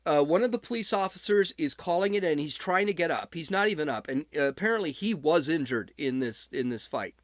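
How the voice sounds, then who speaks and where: Higher-voiced man, dry close podcast sound. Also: animated, brisk, hardly any pauses, no echo. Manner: conversational recounting with frequent restarts. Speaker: podcast host. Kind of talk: casual podcast commentary.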